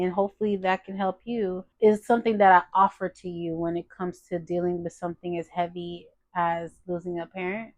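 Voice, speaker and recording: A woman in her thirties talking from her bedroom at home as a vlogger, giving earnest, encouraging personal advice that turns lively and emphatic. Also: lowish voice, no room sound.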